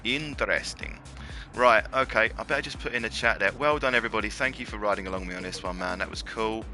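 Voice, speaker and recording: A man's voice: lowish voice, fast talker, bright, forceful tone. A man commentating a video game race on his stream, upbeat and chatty, using casual slang. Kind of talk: live racing commentary and casual chat. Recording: game music playing behind the voice. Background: game music.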